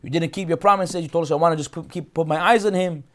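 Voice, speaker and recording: A man's voice: fairly high pitch, fairly even intonation, fast talker, lightly acted. A man voicing a fierce, pleading older brother. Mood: angry.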